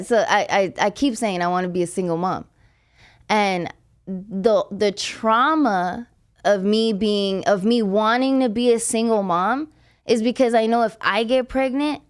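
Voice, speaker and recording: A young adult woman hosting a podcast, telling a personal story in a blunt, profane, emotional confessional way. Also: medium pitch. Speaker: podcast host. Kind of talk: casual podcast chat.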